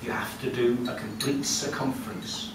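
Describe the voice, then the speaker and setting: A man telling a folk tale live at a storytelling cafe, lively and conversational with asides to the audience. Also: medium pitch, normal speed, far from the mic. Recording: echoey room heard from afar with noise.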